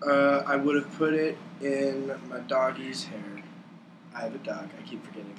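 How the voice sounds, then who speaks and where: A man's voice: medium pitch, moderate pace, noisy background. A man playing in a tabletop game, talking in a playful, somewhat hesitant way. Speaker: player.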